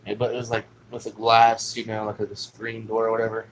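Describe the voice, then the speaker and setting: A man's voice: lowish voice, completely flat delivery, fairly quick, a little hiss or hum, poor audio. A man telling a personal story in a casual, rambling way, swearing often and filling gaps with "you know what I'm saying.". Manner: rambling, profane, with many fillers.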